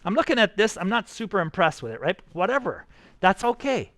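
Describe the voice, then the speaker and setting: A man's voice: high-pitched, sing-song, brisk, a bit bright, no room sound. A man teaching a live class, upbeat and coaxing, talking his students through each step. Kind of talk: live classroom software tutorial.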